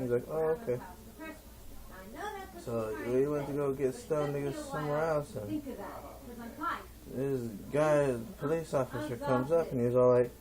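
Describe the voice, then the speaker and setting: A man's voice: medium pitch, normal speed, mellow. A man telling a rambling stand-up story in a laid-back stoner drawl, acting out his friends and a cop. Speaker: stand-up comedian.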